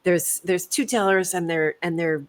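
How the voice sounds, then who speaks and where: A woman's voice: on the low side, fairly even intonation, normal speed. A woman in casual conversation, telling stories in a reflective, self-mocking way with frequent restarts.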